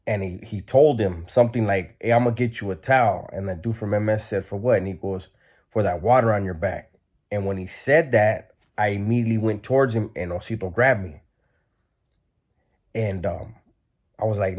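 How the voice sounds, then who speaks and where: A man's voice: on the low side, moderate pace, darkish tone. A man telling a story in a casual, blunt, streetwise way, with lots of fillers.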